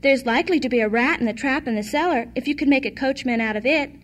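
A woman playing a gentle, pleading young servant girl. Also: sits high, fast talker, close to an everyday voice. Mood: timid. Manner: pleading and soft.

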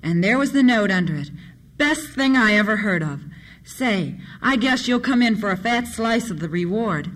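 A narrator putting on a booming, hearty sheriff. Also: expressive, moderate pace, a bit bright, lightly acted. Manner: hearty, folksy. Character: big-voiced booming male sheriff.

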